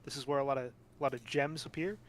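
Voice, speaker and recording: A man's voice: medium pitch, steady tone, quick pace, a little hiss or hum. A man co-hosting a casual online draft stream, joking and bantering with the others. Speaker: stream co-host. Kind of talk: casual live chat.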